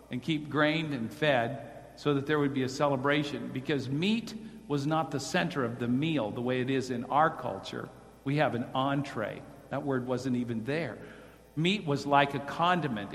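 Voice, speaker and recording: A man's voice: medium pitch, fairly bright tone. A man preaching a sermon to a congregation and putting direct questions to his listeners. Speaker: pastor. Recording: long hall reverb.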